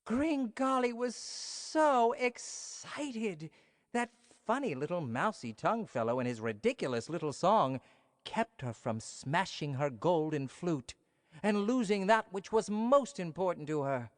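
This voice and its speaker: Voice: medium pitch, animated, moderate pace. A storyteller reading a bedtime story to children, playful and speaking straight to the listeners. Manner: playful, addresses listeners directly. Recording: long hall reverb.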